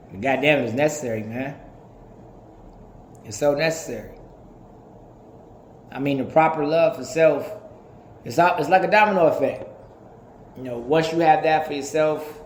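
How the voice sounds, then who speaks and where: Animated, profane man in his thirties. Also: fairly high pitch, roomy sound. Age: 30s. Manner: animated, profane, laughing often. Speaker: podcast host. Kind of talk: casual monologue.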